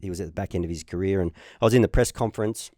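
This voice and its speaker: A man's voice: low voice, racing, dry recording, clean studio sound. An Australian man in his fifties, a former tennis player, telling stories as a guest in casual chat, acting out what people said. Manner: lively storyteller, acts out quotes.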